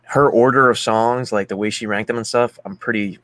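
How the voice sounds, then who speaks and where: A man's voice: medium pitch, steady tone, brisk, a bit bright, no room sound. A man hosting a casual music chat, enthusiastic and swearing freely as he talks through an album. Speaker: podcast host.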